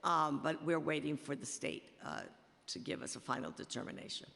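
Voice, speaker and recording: A man with a Bronx accent testifying at a budget hearing, halting and full of fillers and restarts. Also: fairly high pitch, lively intonation, gravelly, pushed and bright, a little hiss or hum. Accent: Bronx New York. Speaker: city agency official testifying. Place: large council chamber. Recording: long chamber reverb.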